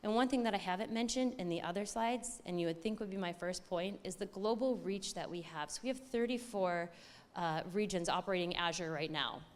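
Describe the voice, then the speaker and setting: A woman giving an excited, chatty conference talk, often correcting herself as she goes. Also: on the low side, fairly quick, hardly any pauses. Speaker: conference speaker.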